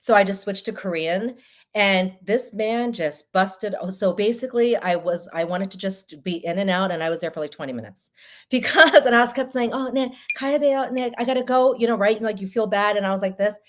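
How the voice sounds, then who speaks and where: A woman hosting a live stream show, telling stories in a chatty, animated way. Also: mid-range voice, fairly quick. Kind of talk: casual live-stream chat.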